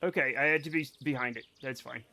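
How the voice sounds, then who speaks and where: A man streaming a game live, chatting casually to his viewers in a rambling, self-mocking way with sudden excited outbursts. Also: mid-range voice, fast, creaky. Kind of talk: casual gameplay commentary to chat.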